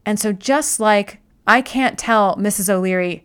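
A woman's voice: mid-range voice, normal speed, few pauses, smooth. A woman speaking as a wellness host in a casual explanatory talk, conversational, often restarting and repeating words.

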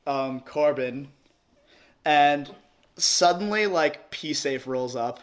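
A man's voice: a little high, drawn-out words. A young man with a New York accent telling a rowdy story in casual chat, rambling, cursing and laughing often. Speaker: podcast guest.

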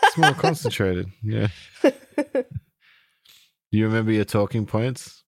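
Podcast co-host: guy, low voice, very animated, teasing. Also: unhurried, gravelly, no room sound. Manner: teasing, playful, swearing freely. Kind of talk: casual chat.

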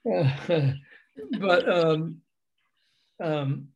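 A man's voice: on the high side, extremely slow, muffled recording, slight background noise. An older man from the American South, telling anecdotes in an interview and acting out the people in them. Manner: animated, acts out the voices in his stories, laughs often. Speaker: guest recounting a music industry career.

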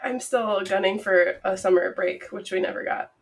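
A young adult woman co-hosting a podcast, teasing her co-host and quick to laugh. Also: medium pitch, gravelly. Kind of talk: casual chat.

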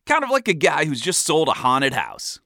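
A man telling a comic first-person story in a wry, animated way. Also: a little high, normal speed, gravelly, dry recording, studio quality.

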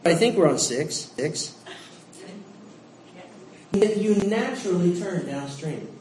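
Animated male preacher, high and expressive, jokey storyteller, recorded in an echoey hall from far off. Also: takes it slowly. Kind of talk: sermon. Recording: echoey hall, distant mic, faint hiss.

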